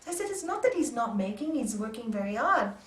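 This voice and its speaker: A woman yoga teacher giving an animated storytelling talk to a group, acting out dialogue and laughing often. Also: a little high, a little fast, a little hiss or hum. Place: yoga centre room. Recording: echoey room from a distance.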